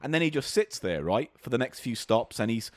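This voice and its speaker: A man's voice: mid-range voice, very animated, brisk, no echo. A man co-hosting a podcast, telling a crude story in vivid, exaggerated detail. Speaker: podcast co-host. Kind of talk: casual comedic chat.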